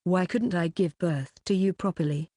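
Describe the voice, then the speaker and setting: Woman narrator doing a low, dry-voiced weepy mother, apologetic, audiobook. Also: moderate pace, dark tone, dry recording, lightly acted. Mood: tearful. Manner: sobbing, apologetic. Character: tearful heavyset mother, gentle and apologetic. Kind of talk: audiobook character reading.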